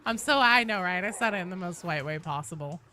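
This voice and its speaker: Woman, game streamer, casual chat, reads chat aloud, bright voice, lively pitch. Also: a little fast. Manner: chatty, reads and answers chat while playing.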